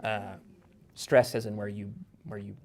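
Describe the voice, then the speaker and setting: A man's voice: fairly low pitch, level tone, measured pace, a little mellow. A man in casual podcast chat, a guest author explaining at length with lots of fillers and restarts. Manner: rambling, filler-heavy explaining.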